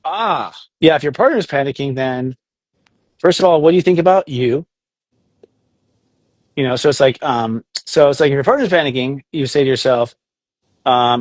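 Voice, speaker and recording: A man talking casually as a guest on a podcast, animated, often acting out inner voices in quotes and swearing now and then. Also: mid-range voice, moderate pace, long pauses, no room sound. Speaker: astrologer guest.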